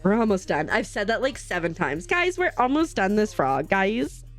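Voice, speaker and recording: Speaking at normal speed from home on a desk streaming mic, this young livestream host chats with her live viewers while crafting. She's bubbly and rambling, answering them between stitches, her middle-range pitch swinging widely. Soft music plays faintly behind her.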